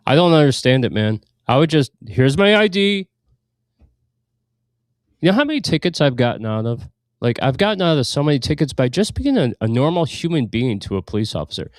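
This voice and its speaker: A man's voice: mid-range voice, darkish tone, no room sound, clean studio sound. A man co-hosting a radio show in casual chat, blunt and opinionated, laughing now and then as he talks. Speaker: radio co-host.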